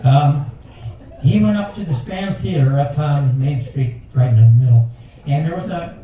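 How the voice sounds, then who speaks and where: A man's voice: on the high side, moderate pace, warm tone, faint music behind. An older man telling folksy, rambling jokes at a passenger talent show. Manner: folksy storyteller with rambling asides. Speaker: talent show joke teller. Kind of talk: stand-up joke telling. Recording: echoey room taped from far off.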